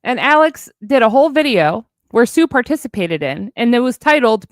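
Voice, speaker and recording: A woman's voice: a little high, sing-song, normal speed, dry recording. Profane, heated woman ranting, dry sound. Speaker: streamer addressing online critics. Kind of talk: angry livestream rant.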